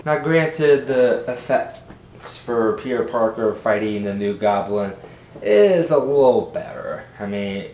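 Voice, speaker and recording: A man rambles through a casual movie review, his pitch swinging widely as he gets worked up. He talks slowly and drags out his words. The room sounds echoey, with a faint low rumble behind him. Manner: animated, exasperated, rambling.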